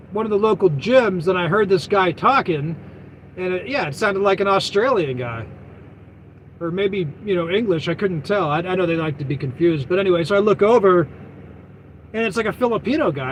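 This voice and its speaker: A high-pitched man vlogging as a trucker chats loosely with his viewers. He meanders, loses his point and circles back with "but anyway". A faint hum of vehicle noise sits under his voice. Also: lively intonation, normal speed, low-quality recording. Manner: meandering, loses his thread, heavy fillers and self-corrections. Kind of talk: rambling casual live chat.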